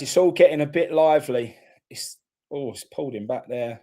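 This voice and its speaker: Man, football watchalong host, blunt casual chat, loud reactions to play. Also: on the high side, normal speed. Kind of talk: casual live match reaction.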